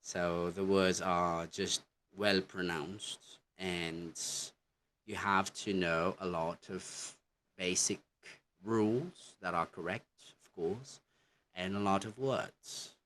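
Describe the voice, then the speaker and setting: A man teaching an English lesson from slides, explaining slowly and often pausing on "okay, so". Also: low voice, fairly even intonation, fairly bright tone, slight background noise. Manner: slow, halting explanations with many "okay, so".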